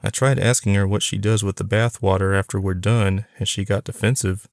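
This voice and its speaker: A man's voice: lowish voice, flat delivery, a little fast, no room sound, studio quality, close to an everyday voice. A man voicing an awkward, hesitant man in his mid-thirties, in an audiobook.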